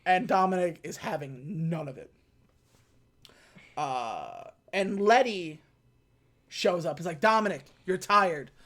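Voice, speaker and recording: A man's voice: on the high side, big pitch swings. Rambling man recapping a movie. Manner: rambling, laughing, acting out film lines in quick voices. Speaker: podcast co-host. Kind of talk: casual movie recap chat.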